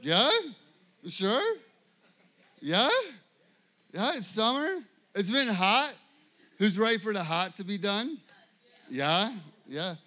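A man with a fairly high voice gives a relaxed, conversational sermon as pastor. He talks loosely with plenty of fillers and keeps asking his listeners whether they follow. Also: slow pace, long pauses. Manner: conversational, loose, with many fillers and audience check-ins. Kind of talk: casual sermon.

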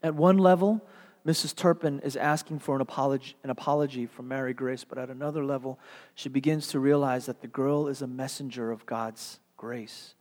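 A man's voice: mid-range voice, steady tone, normal speed, darkish tone. A male pastor delivering a sermon with dramatic, earnest storytelling. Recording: long hall reverb.

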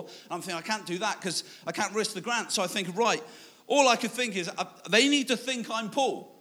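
Male preacher, self-mocking storyteller with a bright, ringing tone. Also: high voice, moderate pace. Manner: self-deprecating storytelling, animated, laughing at himself. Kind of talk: sermon with personal story. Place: church.

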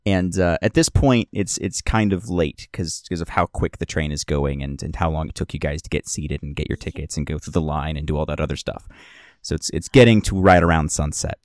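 A man's voice: very deep voice, a little fast, a little mellow, no echo, clean studio sound. A man narrating as game master of a tabletop game podcast, describing scenes in a rambling way and correcting himself as he goes.

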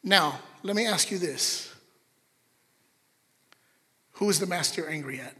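Male pastor, high bright voice, lively sermon delivery, long hall reverb. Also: a little slow. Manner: animated, chatty asides to the congregation.

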